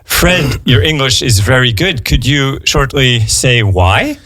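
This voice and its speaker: Male radio host, slow and hesitant, full of fillers, mid-pitched, dry close studio mic. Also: sing-song, fairly bright tone, dry recording. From United States. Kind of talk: bilingual radio interview for learners.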